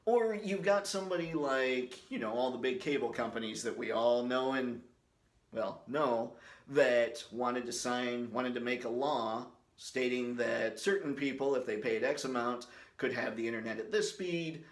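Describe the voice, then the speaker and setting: A man's voice: medium pitch, unhurried, roomy sound. A man hosting his company's video series, talking straight to camera in a goofy, shameless way. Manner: goofy, shameless, breaks into silly voices. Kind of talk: jokey direct-to-camera talk with impressions.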